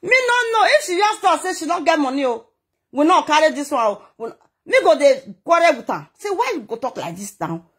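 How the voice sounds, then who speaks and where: A woman's voice: high voice, animated, a little fast. A woman vlogger telling a story in Nigerian Pidgin, talking dramatically and emotionally, with a scolding edge. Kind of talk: animated gist monologue.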